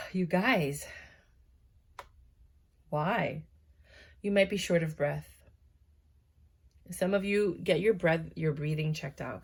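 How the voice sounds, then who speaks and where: A woman with a lowish, slightly mellow, slightly rough voice gives her viewers a tarot reading. She's casual and chatty but tired, yawning, and she fills her talk with fillers and asides.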